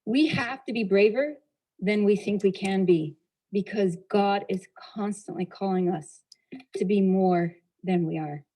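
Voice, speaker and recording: A woman's voice: medium pitch, a little slow, mellow, poor audio. A woman giving a motivational talk as a storyteller, acting out dialogue and asking the audience rhetorical questions. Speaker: motivational speaker.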